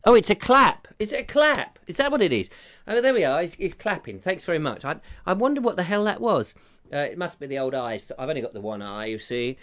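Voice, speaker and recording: Chatty male host reading viewer comments, self-mocking and jokey, voice a touch high for a man. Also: animated, brisk, a bit bright. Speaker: live stream host. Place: home room with a fire.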